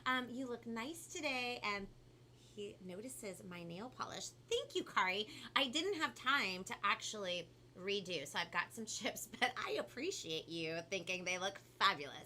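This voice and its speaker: A chatty woman from California with a Valley girl accent, hosting a kids' live stream and talking a lot and quickly. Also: mid-range voice, expressive, bright, forceful tone, a little hiss or hum. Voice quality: talks a lot and fast, bubbly. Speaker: kids' show host.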